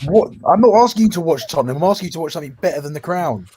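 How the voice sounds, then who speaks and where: A man's voice: on the high side, lively intonation, rapid-fire, warm tone, a little hiss or hum. A young man in a casual football chat, teasing the others with mock outrage.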